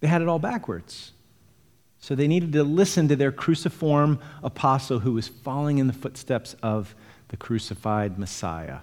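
A man's voice: medium pitch, moderate pace, a little mellow, long reverb tail. A male pastor preaching an earnest expository sermon, explaining scripture verse by verse to his congregation.

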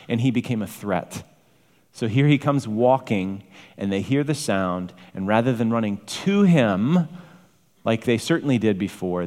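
A man preaching a sermon with emphatic, varied delivery, rising to exclamations. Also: mid-range voice. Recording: long hall reverb.

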